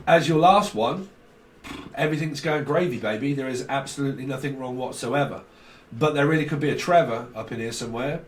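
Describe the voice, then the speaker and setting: A man's voice: mid-range voice, fairly quick, slight background noise. A man giving a casual, rambling tarot reading full of jokes. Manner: rambling, joking, laughs often. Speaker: tarot reader. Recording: roomy, distant mic.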